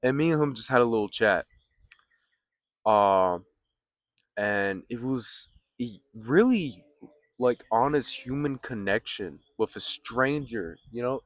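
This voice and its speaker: A young man vlogging in a laid-back, rambling way, with many fillers and pauses. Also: mid-range voice, animated, no room sound, clean studio sound. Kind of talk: casual vlog talk. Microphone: phone or camera mic, built-in mic.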